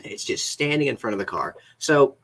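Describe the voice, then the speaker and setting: A man's voice: medium pitch, lively intonation, fairly quick, a bit bright. A man co-hosting a casual live show, telling a funny everyday anecdote in a laid-back way, with casual swearing. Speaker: podcast co-host. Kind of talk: casual chat. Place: lives in a Florida college town.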